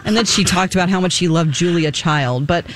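A woman's voice: fairly low pitch, a little fast. A woman co-hosting a radio talk show, telling a story animatedly and acting out what people said. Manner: animated, laughing, acting out quoted lines.

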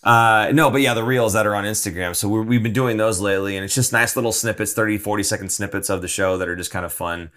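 A man with a low voice co-hosts a live sports podcast. He talks loosely and at length, wandering off on asides and filling pauses with "uh" and "um.". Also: a bit bright. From San Jose area. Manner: chatty, rambling with fillers and asides. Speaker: podcast co-host.

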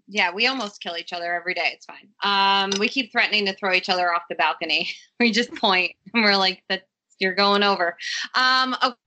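A woman's voice: mid-range voice, pushed and bright. A woman hosting a podcast from home over a video call, chatting casually, laughing often and cursing now and then. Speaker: podcast host. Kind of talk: casual chat. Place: home room by a window.

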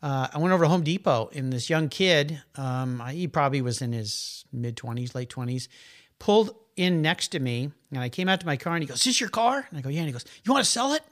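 Middle-aged male guest, animated storyteller, mid-range voice. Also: medium pitch, brisk. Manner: animated, chatty, rambling anecdotes. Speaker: guest, car enthusiast. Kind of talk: casual conversational storytelling.

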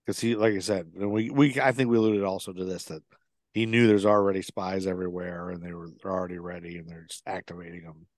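A man's voice: low voice, dry recording, clean studio sound. A man co-hosting a podcast, casually recapping a film plot with lots of fillers and restarts. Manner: rambling, with many fillers and restarts. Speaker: podcast co-host.

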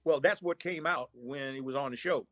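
A man's voice: medium pitch, normal speed, no echo, faint music behind. A man telling a long story in a casual way, acting out what people said. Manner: animated storyteller acting out quotes. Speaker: guest storyteller.

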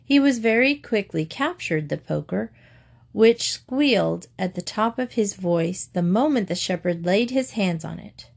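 A woman narrating a storybook in a calm, clear reading voice. Her pitch sits at a middle level, steady and even throughout. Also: a little slow.

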